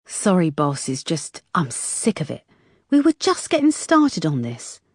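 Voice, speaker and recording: A woman's voice: low voice, huge pitch swings, measured pace, darkish tone, breathy edge, no room sound, studio quality, voice pushed up, heavily acted. A woman narrator voicing a blunt, wisecracking female detective who talks frankly and teases her boss. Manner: frank, teasing.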